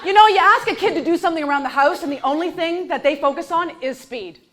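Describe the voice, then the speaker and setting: A woman performing a stand-up comedy set on stage, with a punchy, sarcastic delivery and deadpan asides. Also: very high-pitched, fast talker, a little hiss or hum. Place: comedy stage before a live audience. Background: audience laughter.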